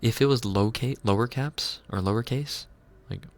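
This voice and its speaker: Speaking at normal speed in a mid-range voice, a man hosts a livestream. His talk is casual and self-reflective, and he muses while reading out messages from the chat.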